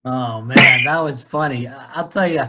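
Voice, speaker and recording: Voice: medium pitch, moderate pace, heavy background noise. An interviewer in a casual chat who laughs along and stumbles over words.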